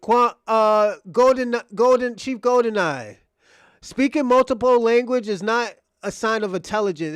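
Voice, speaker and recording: A man's voice: high-pitched, dry recording, studio quality. A man hosting a livestream, ranting to his chat in a mocking, provocative way, cursing and repeating himself. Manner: profane, repetitive, restarts phrases. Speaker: livestream host.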